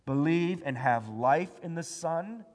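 A man preaching a slow, deliberate sermon, his fairly high voice ringing through a large church hall with a long reverb tail. He drops to near whispers and then rises to loud, pressing emphasis, stretching out each quoted verse. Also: lively intonation. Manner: wide swings from hushed low lines to loud emphatic ones; slow, deliberate delivery with drawn-out scripture quotes.

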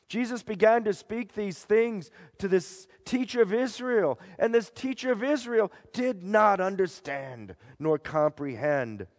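A man with a high, unhurried voice tells a Bible story as a dramatic sermon. He turns theatrical, moving from loud proclamations to hushed lows, and a long reverb from the large hall trails after every phrase. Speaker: preacher.

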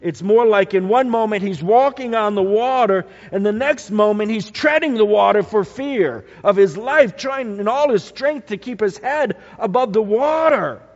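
A man preaching a sermon, slow and dramatic, swinging from loud to hushed. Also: high voice, animated. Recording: dull lo-fi sound with long hall reverb.

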